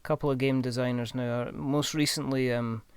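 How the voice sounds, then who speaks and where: Scottish male podcast host, casual and rambling, smooth clear voice, dry close sound. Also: mid-range voice, fairly even intonation, normal speed, no echo. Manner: rambling, with many ums and restarts. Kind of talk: casual interview chat.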